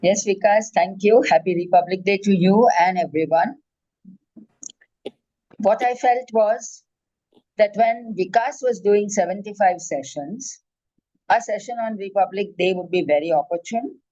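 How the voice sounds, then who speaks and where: Older woman, former judge lecturing; warm mellow tone, dry close sound, measured and emphatic. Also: mid-range voice, dry recording, dull audio. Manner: measured, emphatic, enumerating points. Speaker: former judge, guest speaker.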